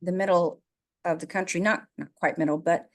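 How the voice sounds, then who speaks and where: A woman's voice: on the low side, fairly even intonation, brisk. A middle-aged woman from the American Midwest, co-hosting a casual podcast conversation, emotional and laughing easily as she talks. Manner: emotional, laughs while talking. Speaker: podcast co-host.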